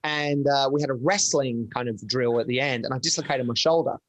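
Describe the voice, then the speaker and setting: A man's voice: medium pitch, no room sound. Rambling storyteller man on a podcast. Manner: animated storyteller, rambling, quick laughs. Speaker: podcast guest. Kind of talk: casual storytelling chat.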